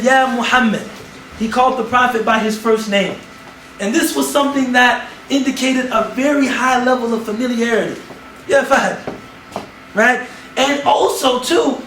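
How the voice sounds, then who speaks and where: High-voiced animated male lecturer, roomy hall. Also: far from the mic, slight background noise. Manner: animated, humorous, slangy. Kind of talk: storytelling religious talk.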